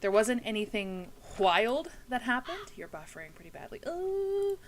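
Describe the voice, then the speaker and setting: A woman's voice: medium pitch, very animated, moderate pace, slight background noise, low-quality recording. A tired young woman chatting casually with her chat during a gaming livestream, swearing freely as she plays. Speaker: streamer.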